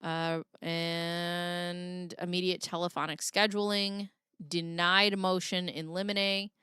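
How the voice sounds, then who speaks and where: A woman's voice: lowish voice, little pitch movement, slow pace, sharp tone, clean tone, no room sound, studio quality. A woman in her thirties reading court documents aloud on a live stream, breaking off for jokey asides. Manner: chatty, jokey, reads legal text aloud with asides. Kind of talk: casual live-stream commentary.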